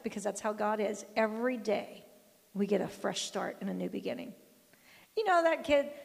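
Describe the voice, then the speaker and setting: Gravelly older woman preaching with reverb. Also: a little high, a little mellow. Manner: emphatic, firm, quotes scripture and acts out dialogue. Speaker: grandmother giving a devotional talk. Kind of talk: sermon-like storytelling devotional.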